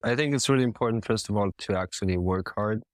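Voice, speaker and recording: Deep-voiced man, dry close sound. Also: fast, dry recording. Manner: thoughtful, searching for words. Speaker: guest, ceramic artist. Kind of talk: casual interview. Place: living in Japan.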